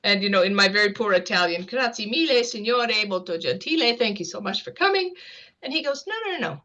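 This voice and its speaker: A woman speaking at a medium pitch, telling a story with animated, vivid energy. Her delivery is conversational, with light laughter worked in, and she sounds like a guest sharing an anecdote on a talk show. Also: a little fast, dull audio. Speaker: guest author.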